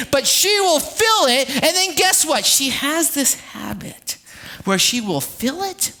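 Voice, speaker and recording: A man in his thirties preaching a sermon, telling self-deprecating stories in an animated way. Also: extremely high pitch. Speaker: pastor. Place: church service, livestreamed.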